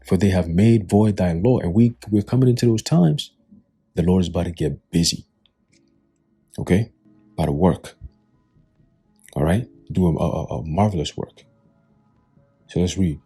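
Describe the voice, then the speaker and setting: Male commentator, dark husky voice, scornful and preachy. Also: low-pitched, lively intonation, normal speed, pauses often, faint music behind. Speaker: religious commentator.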